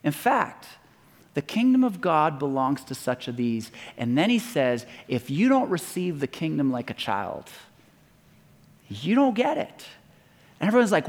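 High-voiced man preaching in a reverberant hall. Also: very animated, measured pace, long pauses. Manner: conversational storytelling, acting out quoted voices. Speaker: pastor. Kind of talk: sermon.

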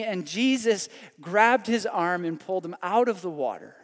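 A male pastor preaching a sermon, telling a story dramatically and then moving into hushed prayer. His voice sits high for a man. A long reverb trails every phrase, as in a large sanctuary. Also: expressive, measured pace.

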